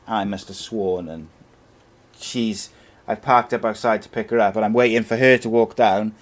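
A man's voice: fairly low pitch, steady tone, moderate pace. A man in his forties co-hosting a casual podcast, telling rambling stories and laughing often. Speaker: podcast co-host. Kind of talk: casual chat.

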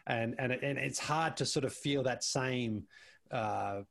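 A man's voice: medium pitch, a little slow, vocal fry. Man telling stories with restarts. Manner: animated storyteller, frequent restarts and repeated words. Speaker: basketball show panelist as guest. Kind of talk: casual interview chat.

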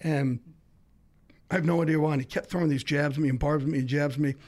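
A middle-aged man, a sports insider, telling a story as a podcast guest with fast, excitable delivery, acting out the other people in it. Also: on the high side. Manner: fast, excitable, acts out quoted voices. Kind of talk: animated storytelling.

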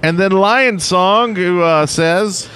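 A man's voice: sits high, slow pace, fairly bright tone, a little hiss or hum. A man hosting a podcast in casual chat, rambling, laughing often and thanking sponsors. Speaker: podcast host.

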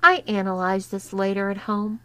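A woman narrating a written story in a slow, deliberate reading. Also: mid-range voice, steady tone, fairly bright tone. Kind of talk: scripted narration of an erotic story.

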